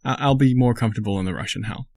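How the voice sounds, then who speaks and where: A man's voice: mid-range voice, racing, a little mellow, lightly acted. A man voicing a resigned Russian man in a joke, weary and matter-of-fact. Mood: wry.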